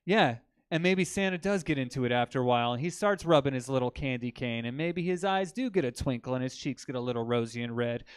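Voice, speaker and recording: A man doing a stand-up comedy set in a comedy club, telling crude jokes with deadpan delivery and bantering with the crowd. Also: mid-range voice, quick pace, hardly any pauses, clean tone, dry recording.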